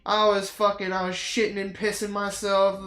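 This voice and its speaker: A streamer rambling to viewers while playing a game, swearing a lot and ranting in a dramatic, excitable way. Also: mid-range voice, moderate pace, roomy sound.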